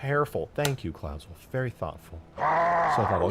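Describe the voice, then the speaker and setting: Excitable, foul-mouthed male streamer. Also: medium pitch, moderate pace, heavy background noise. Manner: excitable, swears a lot, swings from mumbling to yelling. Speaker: streamer modding a video game. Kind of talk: live-stream commentary.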